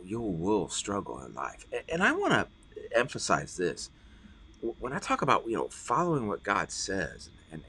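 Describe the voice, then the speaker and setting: A man's voice: sits low, bright, forceful tone, breathy edge. A middle-aged man preaching a podcast sermon as pastor, earnest and often repeating words as he stresses a point.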